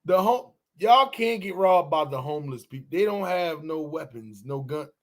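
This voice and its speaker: High pitched dude riffing on a morning podcast, cussing a lot, voice all over the place. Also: male voice, normal speed. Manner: animated, profane, swings pitch wildly acting out quotes. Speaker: podcast co-host. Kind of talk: casual morning show banter.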